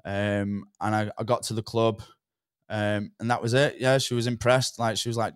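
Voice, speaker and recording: A man's voice: fairly low pitch, flat delivery, normal speed, clear, resonant tone, no room sound, clean studio sound. A young man telling a rambling story from his past, with swearing and lots of "do you know what I mean". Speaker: podcast guest. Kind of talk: casual storytelling.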